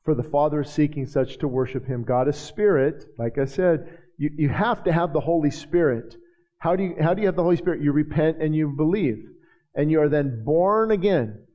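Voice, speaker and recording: A man preaching a sermon in a church, joking with the congregation and building to shouted passages. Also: a little high, expressive, brisk. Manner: jokey asides to the congregation. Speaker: pastor. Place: church sanctuary. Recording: hall reverb, dull lo-fi sound.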